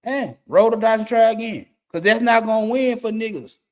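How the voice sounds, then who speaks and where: A man's voice: sits high, moderate pace. A middle-aged man, a YouTube commentator giving a blunt, profane rant and repeating his points for emphasis. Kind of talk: ranting monologue.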